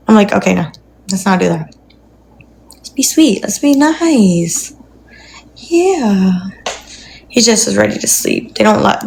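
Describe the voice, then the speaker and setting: Young woman on a phone live from her apartment, rambly, coos baby talk at her dog, faint hiss behind. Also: medium pitch. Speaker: livestreamer. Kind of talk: casual livestream chat.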